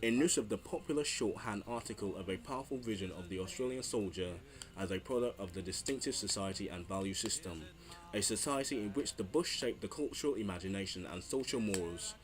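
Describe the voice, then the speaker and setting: Low-voiced man narrating with faint music. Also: brisk. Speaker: YouTube history narrator. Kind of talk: read history narration and casual outro.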